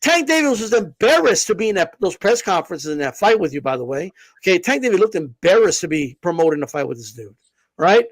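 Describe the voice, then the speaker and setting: Podcast co-host, male, high voice, heated rant with restarts. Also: very animated, brisk. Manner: fired up, profane, many restarts. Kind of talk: heated casual boxing talk.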